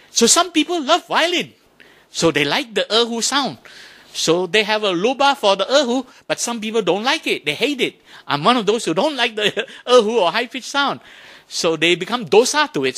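A man giving a Buddhist dharma talk to an audience, animated, often asking questions and imitating sounds to make his points. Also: extremely high pitch. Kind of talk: lively talk to a temple audience.

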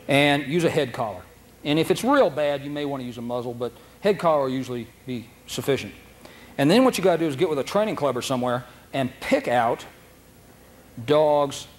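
Recorded on a noisy, aged video tape, a mid-range-voiced man lectures at a dog training seminar. He keeps things folksy and animated, slipping into silly voices to show what dogs might be thinking.

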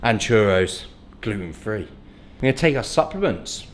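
A man's voice: on the low side, expressive, moderate pace, slight background noise. A young man, a fitness coach, chatting casually in a vlog, joking and swearing freely. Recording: echoey room.

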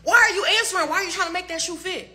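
A woman's voice: very high voice, very fast, bright, forceful tone. A young woman in a heated, profane livestream rant, firing off rhetorical questions. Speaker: artist speaking to fans.

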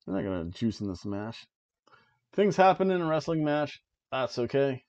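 A man talking casually at a middle pitch while recapping the night's matches. He rambles, chuckles at himself and keeps the chat loose. The recording is a little dull and lo-fi, like a home setup. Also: expressive, a little fast, darkish tone. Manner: chatty, rambling, laughs at his own jokes. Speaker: podcast host reviewing wrestling. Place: home, seated in an old chair.

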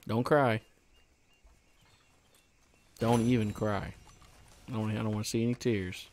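Excitable male game streamer, deep-voiced. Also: unhurried, a little hiss or hum. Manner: excitable, swearing, joking. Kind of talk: live gameplay commentary. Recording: game music behind.

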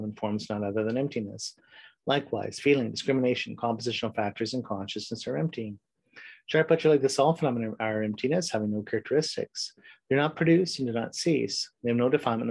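A man teaching a recorded meditation class, chatting loosely with fillers before reciting a sutra in a steady voice. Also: mid-range voice, husky, no room sound, poor audio. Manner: relaxed, rambling intro with fillers, then steady recitation. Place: home, recording solo before travel.

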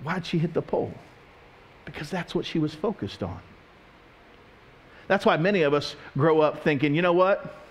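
A man's voice: fairly high pitch, moderate pace, long pauses, slightly rough. A pastor preaching a sermon, telling stories and asking his congregation questions. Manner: animated storytelling, questioning the congregation.

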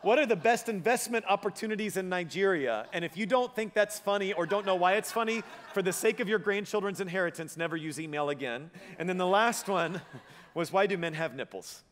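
A man's voice: sits high, brisk, a bit bright, a little hiss or hum. A male pastor giving a sermon, conversational and joking with his audience. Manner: humorous, conversational preaching with audience asides. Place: church auditorium. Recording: long reverb of a church hall.

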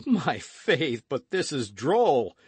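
Loud and emphatic, this hot-tempered young swordsman, voiced by a male audiobook reader, leaps high in pitch with a lively swing. Close and dry, no room around it. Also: slow, slightly rough, no room sound, full character voice. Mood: amused.

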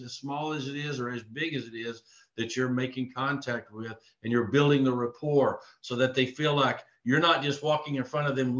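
His voice mid-range and sharp-toned, a man from Texas gives an earnest, repetitive live online sales training. The sound is lo-fi and dull, captured in an echoey room.

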